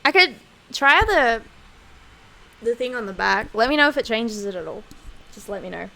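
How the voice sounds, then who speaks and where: A woman's voice: fairly high pitch, animated, normal speed, vocal fry, sharp tone. A woman streamer chatting casually over gameplay, laughing often and swearing freely, on a home desk microphone.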